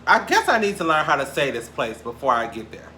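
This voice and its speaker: Young male gossip host from Cleveland; bright, slightly high voice, animated and profane, quiet hiss underneath. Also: fairly quick. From Cleveland, Ohio. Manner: animated, profane, swings between loud and quiet. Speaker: podcast host. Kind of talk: casual celebrity gossip chat.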